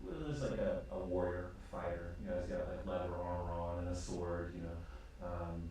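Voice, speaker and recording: A low-voiced man narrating a tabletop game as game master, rambling and searching for words. He sounds far from the mic. The echoey room carries a faint hiss. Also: steady tone, normal speed, dark tone. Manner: rambling, hesitant, full of ums.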